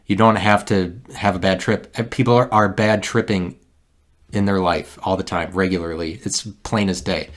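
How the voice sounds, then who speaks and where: A man hosting a solo podcast, talking in a meandering, halting way with many restarts and a wry, self-mocking streak. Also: deep voice, fairly even intonation. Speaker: podcast host. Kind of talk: rambling solo podcast monologue.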